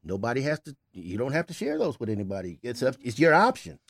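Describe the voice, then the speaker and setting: A man's voice: medium pitch, wildly swooping pitch, quick pace, gravelly, no echo, clean studio sound. An older man on a podcast giving blunt, emphatic tough-love advice in casual chat. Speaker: podcast regular, host's father.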